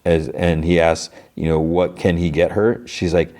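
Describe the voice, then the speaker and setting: A man hosting a podcast, casually retelling a cartoon episode with lots of fillers and quick quoted lines. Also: low voice, little pitch movement, a little mellow. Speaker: podcast host recapping an episode. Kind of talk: casual recap.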